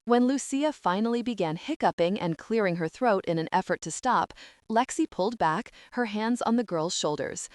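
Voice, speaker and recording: A woman narrating a novel as an audiobook reader, in even, expressive storytelling. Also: medium pitch, normal speed, dry recording, clean studio sound. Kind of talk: scripted narration.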